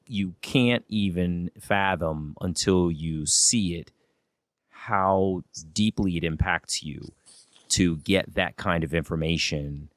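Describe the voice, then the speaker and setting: A podcast host with a very deep voice speaks in a reflective, measured way. He leans on the words he cares about and lets them stretch. The recording is dry and close. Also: no room sound. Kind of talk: podcast interview.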